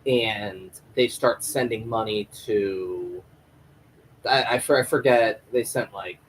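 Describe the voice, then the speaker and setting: A man's voice: fairly low pitch, takes it slowly, slight background noise, poor audio. A man recapping a TV episode live, rambling and swearing freely as he retells the plot. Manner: rambling, profane, animated. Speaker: TV show reviewer.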